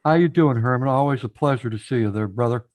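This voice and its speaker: A man's voice: mid-range voice, quick pace, darkish tone. Encouraging man hosting a live stream. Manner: encouraging, repeats phrases, addresses chat directly. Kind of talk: casual live stream chat.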